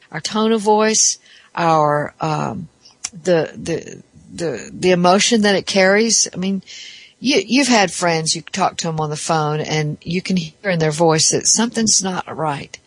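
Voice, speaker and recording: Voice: mid-range voice, no echo. A therapist giving a reflective podcast talk, explaining ideas step by step in a thoughtful way.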